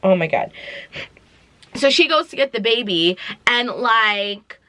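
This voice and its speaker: Bright-voiced animated young woman vlogger. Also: on the high side, slow pace, dry recording. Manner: animated, dramatic retelling with slangy asides. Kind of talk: casual movie review vlog.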